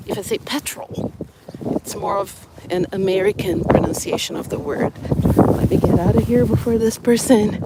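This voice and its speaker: A woman's voice: medium pitch, steady tone, moderate pace. A woman from Brazil talking casually to the camera as an English educator, playful and chatty, explaining things with examples while outdoors. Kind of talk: casual vlog talk to camera. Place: outdoors in the snow, on a street with traffic. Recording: outdoor phone recording with clear street noise. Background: passing vehicles and wind.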